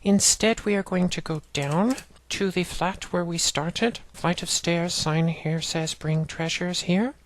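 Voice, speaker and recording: Unhurried and with few pauses, a woman with a lowish voice narrates a let's play walkthrough. Moving through an old text adventure game, she plainly reads out the commands and game text and explains each step as she goes.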